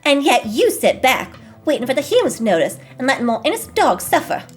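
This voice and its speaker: A woman voicing a scrappy, indignant little female dog in a game, scolding in a raised, high-strung voice. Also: big pitch swings, brisk, slightly rough, faint music behind, heavily acted.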